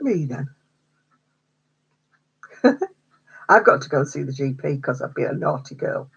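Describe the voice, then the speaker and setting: A woman's voice: very deep voice, animated, a little slow, creaky, pauses often, a bit bright, slightly rough, muffled recording. A woman hosting a craft livestream, chatting casually with viewers, answering their comments and laughing often. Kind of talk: casual chat with live viewers.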